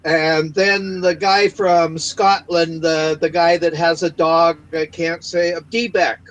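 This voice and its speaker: A man from the Pacific coast of the United States, chatting casually and haltingly, repeating words and adding fillers. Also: on the high side, flat delivery, poor audio. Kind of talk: casual voice chat.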